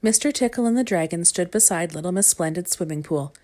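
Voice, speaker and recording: A woman reads a children's storybook aloud, calm and measured. Her voice sits a little low. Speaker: storybook reader. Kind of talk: storybook reading.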